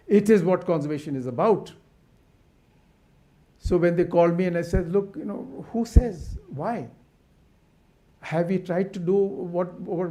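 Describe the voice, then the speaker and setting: Speaking at a symposium on conservation, a male academic gives an impassioned talk full of rhetorical questions and frequent restarts. His voice is a little high and mellow.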